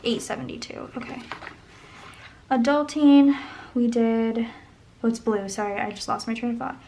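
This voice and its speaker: A woman with a slightly high voice chats casually while planning her budget at home. She thinks aloud and sometimes murmurs the sums under her breath. A faint hiss sits under the recording. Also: normal speed, creaky, warm tone, low-quality recording. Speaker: budget vlogger.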